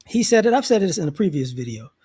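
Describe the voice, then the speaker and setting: Husky-voiced man in casual commentary. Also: high-pitched, very animated, quick pace, warm tone, no room sound. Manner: conversational, laid-back, direct. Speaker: commentary video host.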